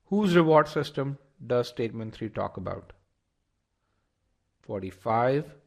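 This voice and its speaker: A man's voice: mid-range voice, animated, measured pace, creaky. A man teaching a live online test-prep class, explaining step by step, repeating words as he thinks and asking the audience for responses.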